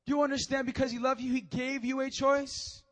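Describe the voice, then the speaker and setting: A man preaching a sermon, telling stories with animated energy and stammered repeats. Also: very high voice, fairly quick.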